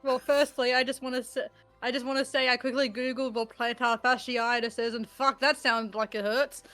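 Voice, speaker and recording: A woman player in a tabletop game talks bluntly and swears freely. Her voice sits a little higher than most. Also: flat delivery, moderate pace, a bit bright, faint music behind. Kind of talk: casual role-play chat.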